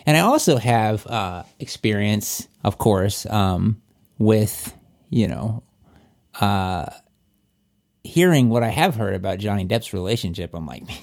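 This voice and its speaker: Low-voiced male co-host, rambling and profane, off-the-cuff chat. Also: darkish tone. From Virginia. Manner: rambling, many restarts, frank and profane. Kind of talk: casual chat.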